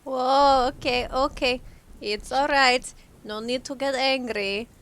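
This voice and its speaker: A woman's voice: high voice, fairly even intonation, slow, fairly bright tone, smooth. A woman playing a tabletop game, speaking in a playful, cheeky way. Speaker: player. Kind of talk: casual tabletop role-play.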